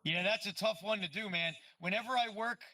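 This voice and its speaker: A man's voice: sits high, brisk, pushed and bright, no room sound. A man guesting on a casual podcast, telling loose, rambling stories with plenty of swearing. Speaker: guest, prank-call performer.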